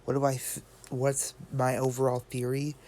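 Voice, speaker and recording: A man's voice: medium pitch, monotone, normal speed, warm tone. A man talking casually about a video game theory. He rambles and thinks aloud, often restarting and adding fillers. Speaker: gaming video creator.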